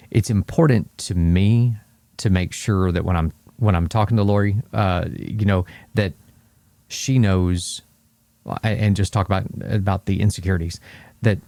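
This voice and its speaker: A man talking about his marriage in a casual podcast chat, slow and halting with many restarts, earnest in tone. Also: deep voice, dark tone, no echo. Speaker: married guest.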